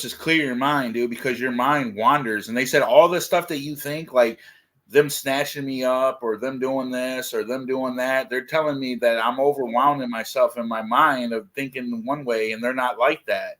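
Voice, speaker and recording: A man's voice: mid-range voice, normal speed, fairly bright tone. Casual male co-host, rambling, filler-heavy talk. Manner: rambling, filler-heavy, says "like" and "dude" often. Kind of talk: casual livestream chat.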